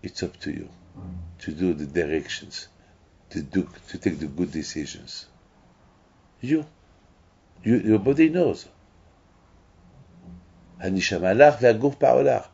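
A rabbi preaches emphatically. He circles back and repeats himself often. His voice is gravelly and husky, and it comes through a dull, lo-fi recording. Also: low-pitched, lively intonation, a little slow, long pauses, dark tone. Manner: emphatic, repetitive preaching with restarts. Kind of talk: sermon.

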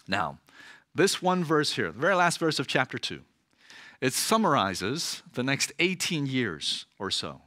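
Male preacher, lively delivery, conversational sermon, slightly high voice. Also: normal speed, dry recording, clean studio sound. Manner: conversational, frequent "right?" asides. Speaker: pastor.

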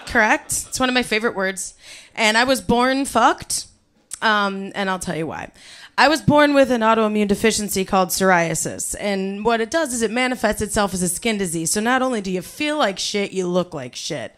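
A woman's voice: mid-range voice, normal speed. A woman from Ohio with a Cleveland accent, telling a comic personal story on stage and acting out the quotes. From Ohio, USA. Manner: animated, comic, acts out quotes. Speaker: storyteller guest. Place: club stage before audience.

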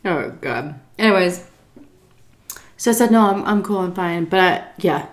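A woman in a casual storytime video at home, animated and profane. Her own voice sits a little low, but she jumps into a high, squeaky register whenever she acts out what people said. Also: moderate pace, reverberant. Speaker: YouTube storyteller. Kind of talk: casual storytime while eating. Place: home, indoors.

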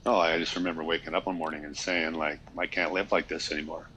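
A deep-voiced man in his fifties talks through his past candidly, circling back and restarting as he goes. His tone has a sharp, forceful edge to it. It is a relaxed podcast interview. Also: fast talker, slight background noise, rough recording. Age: 50s. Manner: candid, reflective storytelling with many restarts. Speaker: guest, retired hockey player.

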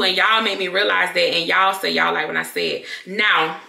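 A woman's voice: medium pitch, a little fast, gravelly, hardly any pauses. Chatty woman vlogger in an echoey room. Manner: chatty, candid, loud and expressive. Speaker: YouTuber addressing her viewers. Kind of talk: casual talk to camera.

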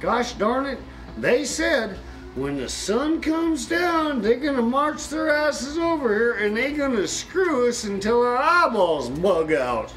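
A man's voice: a little high, wildly swooping pitch, a little fast, hardly any pauses, voice pushed up, poor audio. A man playing a Polish soldier in a raised, exasperated voice. He exclaims and swears in mild oaths over banjo music. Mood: alarmed. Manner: exclaiming, cursing mildly.

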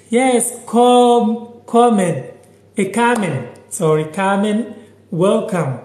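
A man's voice: high voice, dark tone, echoey room. A man with a Ghanaian accent teaching a casual live-stream language lesson, repeating words and reading out viewer comments.

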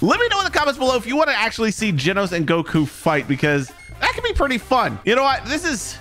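A man giving excitable, joking commentary on a sandbox game, laughing often. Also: very high voice, quick pace, hardly any pauses, soft background music. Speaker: gaming YouTuber.

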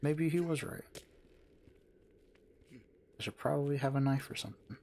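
A young man gaming with a friend, cracking jokes and swearing in excited bursts. His voice has a gravelly, fry-laden texture. It is picked up on a headset mic with faint hiss behind. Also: mid-range voice, moderate pace. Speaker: gamer. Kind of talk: casual let's play banter.

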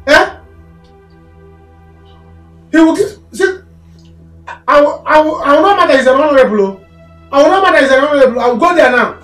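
A man's voice: very high-pitched, a bit bright. An actor playing an angry man demanding back money he lent, in a film. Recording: echoey room with music under.

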